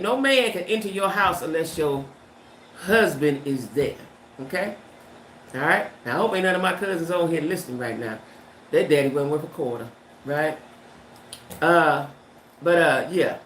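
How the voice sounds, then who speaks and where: A woman's voice: lowish voice, a bit bright, echoey room, a little hiss or hum. A woman hosting a livestream in casual, emphatic chat, firing off rhetorical questions and slang. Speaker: livestream host. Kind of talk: casual chat reading viewer comments.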